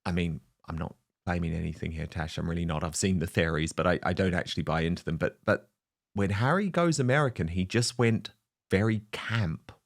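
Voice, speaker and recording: A man with a fairly low voice hosting an opinion show. He speaks with animated mockery and stumbles over his starts. He keeps steering the conversation to his guest. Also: brisk, vocal fry. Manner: animated, mocking, stammering restarts. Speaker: host.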